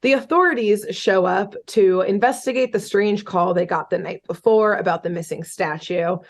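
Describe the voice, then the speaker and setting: Chatty woman podcast host, mid-pitched. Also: normal speed. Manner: chatty, swearing, many fillers like "um" and "like". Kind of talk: casual chat, retelling a cartoon episode.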